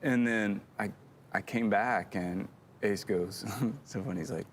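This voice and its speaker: A man's voice: on the low side, a little slow, slight background noise. A middle-aged man co-hosting a church show, telling a rambling, self-deprecating story in casual chat.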